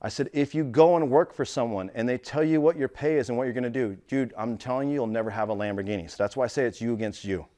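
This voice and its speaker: A middle-aged man coaching in real estate delivers an informal pep talk quickly, with hardly any pauses. Full of stories, curses, and "dude," his voice swings between quiet confiding and loud enthusiasm.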